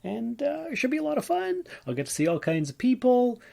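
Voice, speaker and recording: A man's voice: very high-pitched, huge pitch swings, brisk, gravelly, dark tone. A man from Ontario, Canada, tired and yawning, talking through a casual solo podcast in a chatty, rambling way full of fillers. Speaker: podcast host.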